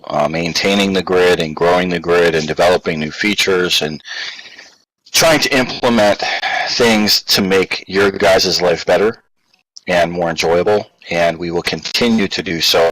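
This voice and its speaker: Deep-voiced man giving an earnest welcome. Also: fairly bright tone, no echo, poor audio. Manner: earnest, with frequent ums. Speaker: co-owner of a virtual world grid. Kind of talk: prepared welcome speech.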